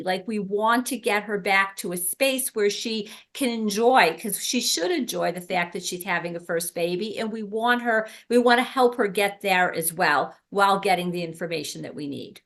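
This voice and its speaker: A woman's voice: mid-range voice, moderate pace, hardly any pauses, fairly bright tone. A woman leading a workshop for birth helpers, talking casually with many ums and restarts. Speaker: doula trainer. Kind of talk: workshop teaching.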